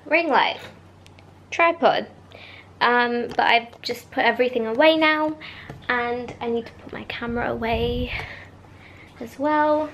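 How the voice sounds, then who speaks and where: A woman's voice: on the high side, a little slow, pauses often, a bit bright, slight background noise. A young woman chatting casually to camera in a bedroom, gushing and chatty. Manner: chatty and gushing, drops into baby talk with pets. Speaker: vlogger. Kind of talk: casual vlog chat. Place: bedroom at home.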